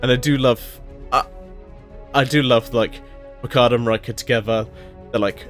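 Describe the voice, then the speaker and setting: A man's voice: mid-range voice, steady tone, moderate pace, long pauses, fairly bright tone, soft background music. Rambling, swearing man recapping an episode. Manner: rambling, profane, many fillers and restarts. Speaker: episode reviewer. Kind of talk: casual solo episode recap.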